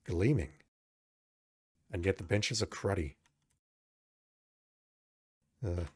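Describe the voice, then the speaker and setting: A man's voice: deep voice, unhurried, pauses often, husky. A man playing an old adventure game, reading its text aloud and adding wry, joking asides. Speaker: game commentator.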